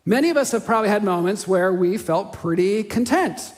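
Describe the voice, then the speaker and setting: A male pastor giving a sermon in a conversational, animated way, acting out the voices he quotes. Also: high-pitched, a little fast, in a large hall. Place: church auditorium.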